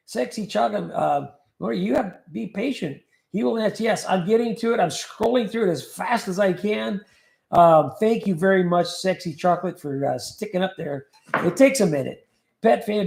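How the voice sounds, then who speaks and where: A man from California hosts a casual livestream, reading viewer comments aloud and joking about them. His voice sits high and creaky with a darkish tone, in an echoey room.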